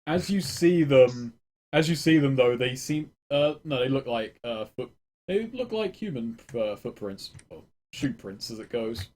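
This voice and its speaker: A man narrating a tabletop game as game master, describing scenes with halting fillers. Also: medium pitch, expressive, darkish tone.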